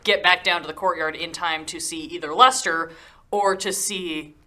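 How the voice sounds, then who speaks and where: A woman's voice: on the low side, fairly even intonation, normal speed, sharp tone. A woman playing at a tabletop game, rambling as she thinks aloud about her character's moves. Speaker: player.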